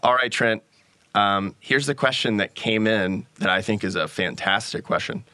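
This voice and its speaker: A man's voice: lowish voice, moderate pace, bright, forceful tone, dry recording. A man hosting a discussion, encouraging and loose, reading out a question from the audience. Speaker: host. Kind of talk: hosted discussion.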